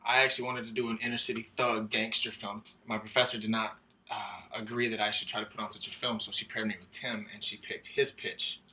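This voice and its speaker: A man's voice: lowish voice, flat delivery, a little fast, pushed and bright. A young man in his twenties, a co-producer giving a candid, hesitant documentary interview. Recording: distant mic with music underneath.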